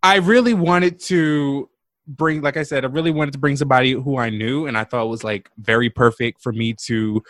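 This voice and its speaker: A man's voice: medium pitch, fairly even intonation, normal speed, a bit bright, no room sound. A man hosting his own podcast, upbeat and laughing easily in casual conversation. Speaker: podcast host.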